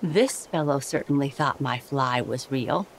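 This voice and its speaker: A woman voicing a kind, playful fisherman uncle in a bedtime story, reading his lines in a gently teasing way. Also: rumbling low, measured pace, a little hiss or hum. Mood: cheerful.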